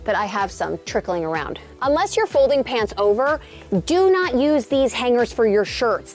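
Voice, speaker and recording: A woman showing off her wardrobe in a reality show clip, emphatic and self-assured. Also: fairly high pitch. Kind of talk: confident show-and-tell.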